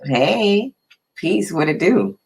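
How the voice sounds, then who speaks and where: A man's voice: sits high, sing-song, takes it slowly, creaky, poor audio. A man hosting a casual live stream, chatting easily and greeting viewers by name.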